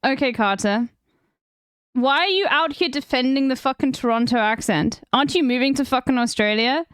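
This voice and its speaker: A woman's voice: sits high, brisk, a bit bright, clean tone, no room sound, clean studio sound. A woman streamer in casual chat, blunt, teasing and full of swearing.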